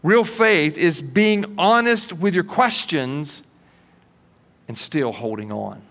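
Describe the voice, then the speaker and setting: Man, pastor, sermon, slow deliberate delivery, long hall reverb. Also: medium pitch, a bit bright. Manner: earnest, emphatic preaching with repeated words.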